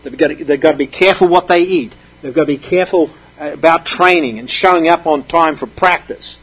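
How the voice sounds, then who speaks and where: A man's voice: on the high side, a little fast, fairly bright tone, husky, dull audio. A man preaching a sermon, reading scripture aloud and explaining it with emphatic stresses.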